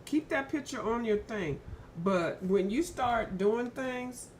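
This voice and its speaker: A woman's voice: on the high side, expressive, takes it slowly, a little hiss or hum. A woman hosting a casual live stream with features, chatty and addressing her viewers by name, and she has the hiccups.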